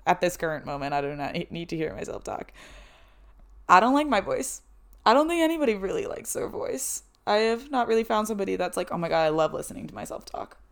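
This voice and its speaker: A raspy-voiced woman in her twenties hosting a podcast, chatting casually and poking fun at herself. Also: fairly low pitch, sing-song, quick pace. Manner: chatty, self-deprecating, laughs often. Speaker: podcast host. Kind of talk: casual chat.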